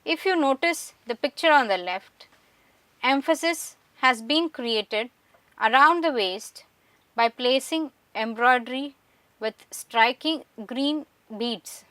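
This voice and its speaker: A woman giving a measured, scripted lecture, explaining slides one by one. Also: high voice, animated, pushed and bright, no echo. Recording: voice distant from the mic.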